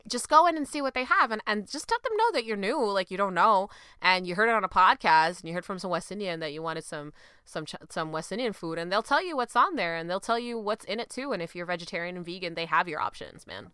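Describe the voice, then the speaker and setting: A woman's voice: mid-range voice, brisk, clear, resonant tone, no room sound, studio quality. A young woman hosting a podcast, chatting casually and laughing often as she tells food stories. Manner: lively, laughing, mimics her mom's voice. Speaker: podcast host.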